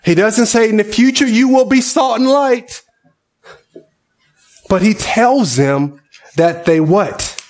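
High-voiced man preaching a sermon. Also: measured pace. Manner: conversational preaching, asks the congregation questions. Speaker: pastor.

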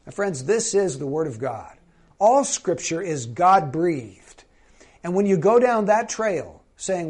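A man preaching a sermon in a conversational way, questioning his congregation. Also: sits high. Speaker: pastor.

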